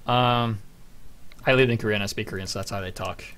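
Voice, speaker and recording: A young man giving casual, rambling gameplay commentary, swearing freely and breaking into excited bursts. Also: fairly low pitch, fast talker, clear, resonant tone. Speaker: game commentator.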